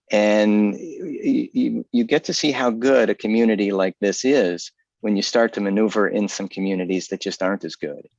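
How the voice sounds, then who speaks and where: A man's voice: lowish voice, dry recording, highs cut off. A man giving an earnest, articulate talk over a video call, often restarting his sentences. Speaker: guest speaker. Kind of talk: casual virtual talk.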